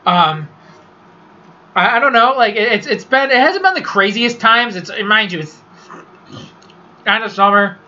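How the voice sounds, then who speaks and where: A man's voice: sits high, measured pace, pauses often, sharp tone. A man hosting a casual solo sports podcast, rambling and swearing through his picks and opinions. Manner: profane, rambling sports rant. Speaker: podcast host. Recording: dull lo-fi recording.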